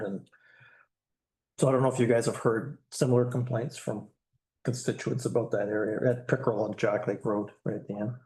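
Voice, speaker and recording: A man's voice: medium pitch, darkish tone. A man chairing a township council meeting, reading through agenda items in a casual, plainspoken way with dry asides. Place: council chamber.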